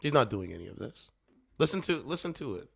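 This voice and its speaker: A man reacting to clips with animated, mocking commentary, hoarse from losing his voice. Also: mid-range voice, brisk. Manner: animated, mocking, laughing, does loud mock voices. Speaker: commentary streamer.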